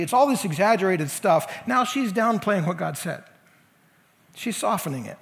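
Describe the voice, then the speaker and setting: A man's voice: sits high, animated, normal speed, long pauses, long reverb tail. A man preaching a sermon as senior pastor, talking to the congregation in a conversational and emphatic way. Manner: conversational, emphatic, leans into quoted voices.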